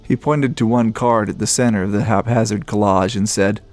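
A man reading a story aloud in a steady, descriptive narration. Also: on the low side, moderate pace, few pauses. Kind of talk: scripted narration.

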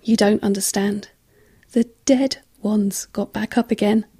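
A woman's voice: mid-range voice, steady tone, unhurried, dark tone, breathy edge. A woman voicing a frantic, breathless young male crew trainee who stammers in shock. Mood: panicked.

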